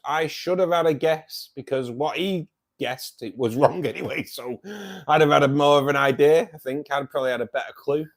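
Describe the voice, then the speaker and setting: A man's voice: fairly high pitch, normal speed. A man hosts a casual fishkeeping live stream from home, rambling and bantering with viewers as he greets them. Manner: rambling, chatty, joking banter with many fillers. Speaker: livestream host of a fishkeeping club. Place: at home beside his fish tanks.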